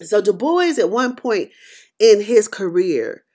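Middle-aged woman podcaster, preacherly commentary that builds loud then drops quiet. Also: mid-range voice, very animated, slow pace. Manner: emphatic, preacherly, swings between loud and quiet. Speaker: podcast host. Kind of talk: impassioned commentary monologue.

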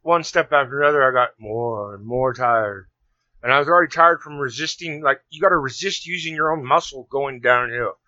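Bright-voiced man telling a rambling story. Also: mid-range voice, a little fast, no room sound. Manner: rambling, animated, many restarts. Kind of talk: casual storytelling. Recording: dull lo-fi sound.

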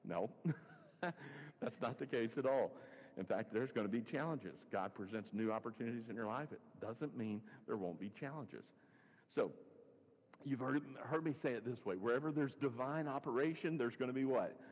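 Husky-voiced man preaching in a reverberant hall. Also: mid-range voice, moderate pace, darkish tone. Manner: conversational, musing aloud, chuckling asides. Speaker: pastor. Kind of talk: sermon with scripture reading.

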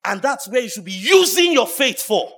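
A man preaching at a church service, swinging between hushed asides and loud shouts. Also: extremely high pitch, sing-song, normal speed. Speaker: pastor. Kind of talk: sermon.

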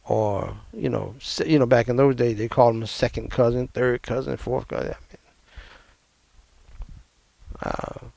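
Gravelly-voiced man telling a family story. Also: medium pitch, moderate pace, long pauses, dry recording. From American South. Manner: emphatic, animated storytelling with laughs. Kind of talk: personal storytelling, testimony.

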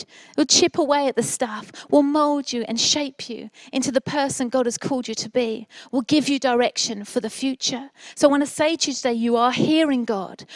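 A woman's voice: sits high, no room sound. A middle-aged woman preaching a sermon, telling a family story with earnest, encouraging passion.

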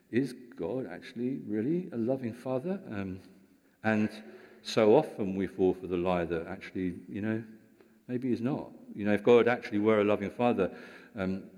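A man's voice: sits low, a little mellow. A man preaching a sermon, explaining scripture in a conversational way with rhetorical questions. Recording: long hall reverb.

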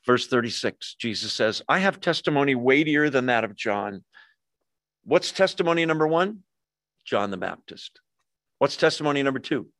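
A middle-aged man preaches in a relaxed, conversational way and breaks off for quick jokes with the congregation. His voice sits at an everyday pitch for a man. The sound is dry and close, with almost no room around it. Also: dry recording. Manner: conversational, jokey asides to the congregation. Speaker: pastor. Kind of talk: sermon.

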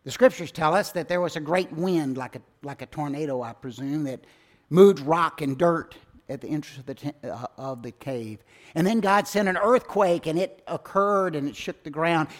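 A man preaching a sermon in a slightly high voice. He builds to loud, emphatic lines and then lets his phrases sink low and quiet. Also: expressive, normal speed. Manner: dramatic swings between loud emphasis and hushed low endings. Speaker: pastor.

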